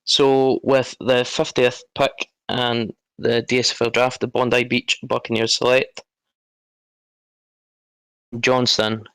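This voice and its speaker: A man's voice: medium pitch, flat delivery, slow, a bit bright, smooth, dry recording, rough recording. A man on a live draft panel, speaking as a team manager in a matter-of-fact way. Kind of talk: casual panel talk.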